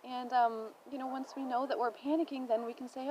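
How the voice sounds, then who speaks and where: A young woman with a slightly high voice shares a reflective personal vlog from home. She thinks aloud and turns toward encouragement, with a faint hiss under the recording. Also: steady tone, fairly quick, dull audio. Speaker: vlogger. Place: home indoors.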